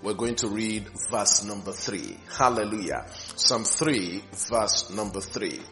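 A male pastor teaching a recorded sermon, reading scripture slowly and repeating key lines for emphasis. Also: lowish voice, pushed and bright, soft background music.

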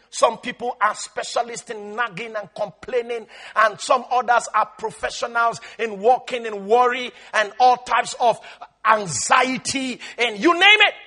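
A man preaching a sermon with emphatic call-and-response exhortation, swinging between shouts and quiet asides. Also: high-pitched.

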